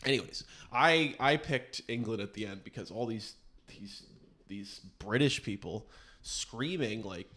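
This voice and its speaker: Low-voiced man, sarcastic rambling chat. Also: a little slow, fairly bright tone. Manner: sarcastic, rambling, mock-serious asides. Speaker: podcast host. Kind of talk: casual comedic chat.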